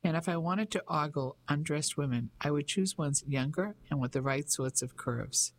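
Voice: medium pitch, moderate pace, slight background noise, natural voice. A reader voicing a cocky, self-assured local fisherman who teases and mocks in an audiobook. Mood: teasing. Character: cocky teasing local fisherman, grown man. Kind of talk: audiobook character voice.

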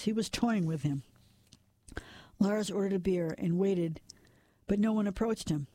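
A man reading a dark crime story as a measured narrator, sometimes dropping to a whisper at tense moments. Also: high-pitched, dry recording. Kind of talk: scripted noir narration.

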